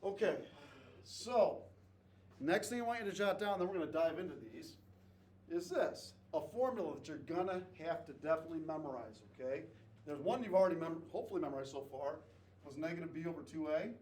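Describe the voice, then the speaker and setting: A man's voice: on the high side, animated, brisk, darkish tone. A male math teacher lecturing a class, repeating key points and checking in with "okay?". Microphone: distant camera mic. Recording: echoey classroom from far off, faint noise.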